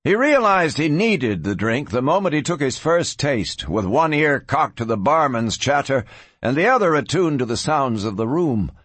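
A man narrating a western audiobook in an expressive, varied storytelling voice. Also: mid-range voice, moderate pace, slightly rough, no room sound.

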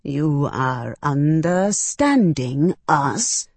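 A growling alien creature, cold and distrustful, as a woman puts it on in a storybook reading. It drags each word out slowly and heavily in a low, breathy voice. The sound is close and dry, with no room around it. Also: sing-song, a little mellow, no room sound, exaggerated voice. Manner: slow, measured, menacing delivery.

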